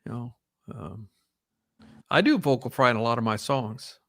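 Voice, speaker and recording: Gravelly rambling podcast host. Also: male voice, mid-range voice, lively intonation, moderate pace, fairly bright tone, no room sound, clean studio sound. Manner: rambling, many fillers and restarts. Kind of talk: casual chat.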